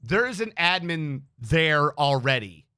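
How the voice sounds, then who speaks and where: A man's voice: on the high side, big pitch swings, a little slow, sharp tone, smooth. A man streaming, chatting casually and rambling, swearing freely as he tells stories. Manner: rambling, swears freely, acts out dialogue in anecdotes.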